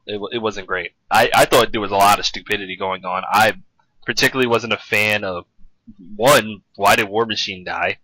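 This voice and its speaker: A man's voice: fairly low pitch, fairly even intonation, brisk, bright, forceful tone, no echo, poor audio. A young man co-hosting a podcast, chatting casually about comics with many restarts and fillers. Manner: rambling, restarts a lot, chatty. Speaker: podcast co-host. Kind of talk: casual chat.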